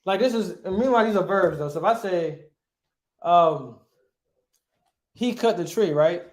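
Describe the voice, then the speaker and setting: A man's voice: sits high, a little slow, echoey room. A male teacher giving a grammar lesson, asking his class questions and answering them himself, often checking with "right?".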